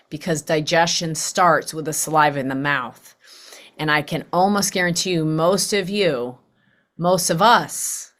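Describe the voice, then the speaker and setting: Lively woman podcast host. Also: deep voice. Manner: animated, acts out quoted voices. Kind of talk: casual conversational interview.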